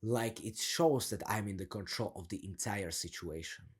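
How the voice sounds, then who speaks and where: A young man coaching casually on sounding confident, energetic and slangy, laughing often and demonstrating a deep, down-turned delivery. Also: normal speed, slightly rough.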